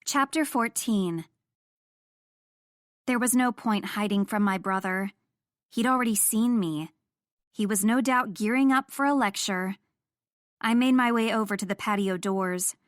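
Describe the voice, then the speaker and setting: A woman's voice: medium pitch, a little slow, pauses often, no room sound, clean studio sound. A young woman narrating a first-person romance audiobook in an intimate storytelling manner.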